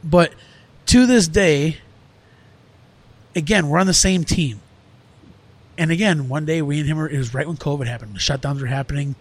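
A middle-aged restaurant owner talking earnestly in a casual podcast conversation, rambling with lots of fillers. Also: male voice, a little high, normal speed, pauses often, breathy edge.

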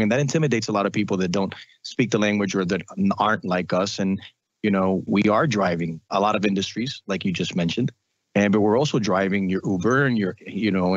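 Man, radio host, lowish voice, animated storytelling, dry slightly dull recording. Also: no echo. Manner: animated storytelling, mimics relatives. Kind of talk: casual interview talk.

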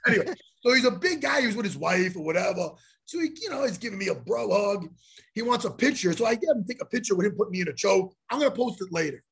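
A man's voice: high voice, lively intonation, fast talker, gravelly, slightly rough. A man telling a story on a podcast in a loose, profane way, acting out every exchange. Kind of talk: casual storytelling.

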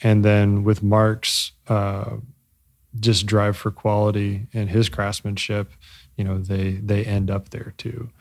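A man being interviewed about his bike company, speaking reflectively with many pauses, fillers and restarts as he searches for words. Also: fairly low pitch, completely flat delivery, a little mellow. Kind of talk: casual interview.

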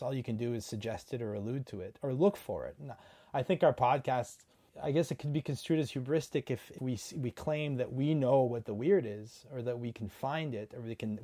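A man's voice: medium pitch, mellow. A man co-hosting a podcast in casual intellectual talk, thoughtful and hedging, often restarting his phrases. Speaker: podcast co-host.

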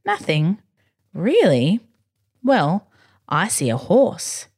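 A woman's voice: lowish voice, huge pitch swings, very slow, a little mellow, husky, full character voice. A woman voicing a playful young father in a bedtime story, putting on a mock-aristocratic manner at a tea party. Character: playful young dad, gentle and teasing.

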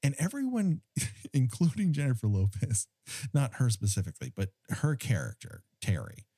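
A man hosting a casual film recap podcast, wry and profane, telling the story with lively asides. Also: medium pitch, moderate pace, dry recording, clean studio sound. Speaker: former studio tour guide. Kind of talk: casual chat.

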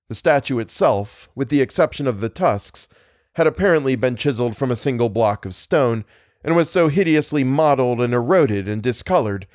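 A man narrating a horror story in a measured, deliberate way. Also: medium pitch, darkish tone, no echo, studio quality. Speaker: podcast narrator. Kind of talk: audiobook reading of horror fiction.

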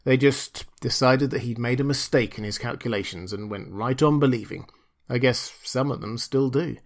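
A man's voice: medium pitch, moderate pace, natural voice. A man voicing George, a bored and homesick computer engineer who talks in a dry, grumbling way, in an audiobook reading. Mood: weary. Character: weary, bored male computer engineer far from home.

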